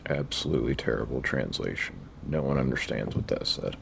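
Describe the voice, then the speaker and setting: A man doing a Bible word study over his screen, dryly opinionated and slowing down to read verses aloud. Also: extremely low pitch, vocal fry, a bit bright, a little hiss or hum. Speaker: Bible study video creator.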